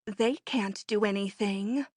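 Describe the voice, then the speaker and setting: A woman reading an audiobook, voicing a timid, frightened society matron who speaks slowly and faintly. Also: medium pitch, darkish tone, dry recording, clean studio sound. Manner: slow, faint and shaky. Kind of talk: audiobook character voice.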